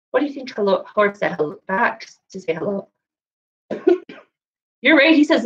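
A woman leading a children's story time and craft lesson, speaking in a sing-song, animated way and doing animal sounds for kids. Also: fairly high pitch, a little slow, lo-fi sound. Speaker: children's librarian.

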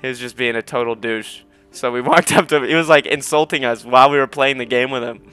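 A young man playing a game with his dad, giving constant orders, swearing and shouting when excited. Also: medium pitch, fast talker, clear, resonant tone, faint music behind. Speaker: gamer leading his dad.

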